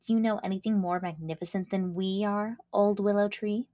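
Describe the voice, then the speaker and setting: A woman's voice: medium pitch, steady tone, moderate pace, dark tone, highs cut off, natural voice. A woman reading a storybook, voicing a proud, haughty buckwheat plant that boasts about itself. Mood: boastful.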